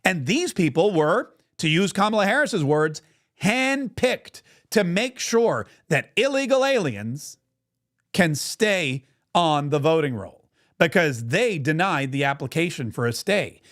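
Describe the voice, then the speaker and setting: Male commentary host with a high voice, mocking and emphatic delivery. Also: big pitch swings, a little slow, a bit bright. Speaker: podcast host. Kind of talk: political commentary.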